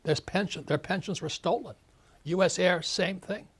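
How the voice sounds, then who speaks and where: An older man in his seventies with a husky voice speaks as an interview guest. His delivery is emphatic and ranting, and he hammers his points home through repetition. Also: high voice, normal speed. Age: 70s. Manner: emphatic, ranting, repeats phrases. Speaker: author and investor guest. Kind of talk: casual interview talk.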